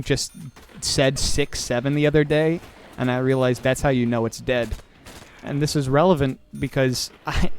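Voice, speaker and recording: Slight background noise accompanies a medium-pitched man in his twenties hosting a podcast. He rambles casually through a video game, sarcastic and self-deprecating.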